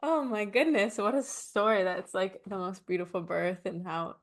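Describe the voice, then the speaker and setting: A woman hosting a podcast, responding with soft affirmations. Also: medium pitch, moderate pace. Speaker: podcast host. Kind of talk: interview reactions.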